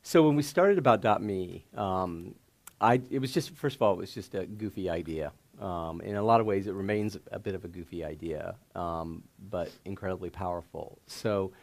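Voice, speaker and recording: Gravelly low-voiced man telling stories. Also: darkish tone. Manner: laughing, loose, filler-heavy anecdotes. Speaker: guest investor. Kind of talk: casual storytelling interview.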